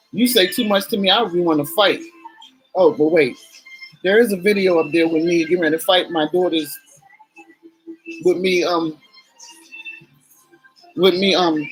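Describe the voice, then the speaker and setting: A woman's voice: on the low side, poor audio. A woman in her forties, a vlogger chatting candidly and emotionally to her viewers while doing her makeup.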